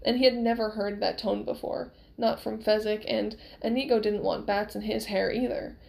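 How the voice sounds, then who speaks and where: A woman reading a novel aloud with expressive storytelling. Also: medium pitch, moderate pace, vocal fry, low-quality recording. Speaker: reader.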